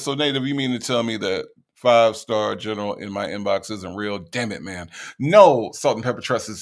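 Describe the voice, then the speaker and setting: Gravelly, animated commentary guy. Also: mid-range voice. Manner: profane, emphatic, repeats "okay? all right?". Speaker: commentary host. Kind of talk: reaction commentary.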